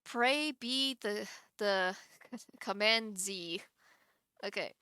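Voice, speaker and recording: A woman's voice: mid-range voice, very slow, pushed and bright, clear, resonant tone, no room sound, clean studio sound. A woman streamer chatting casually on a live stream, giggling often and rambling with many restarts.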